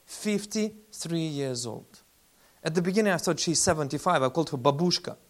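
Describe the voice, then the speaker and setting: A man, a faith-based relief leader giving a lively testimony talk with slides and acting out the people he quotes. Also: a little high, normal speed. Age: 40s. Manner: animated storyteller, acts out quoted voices.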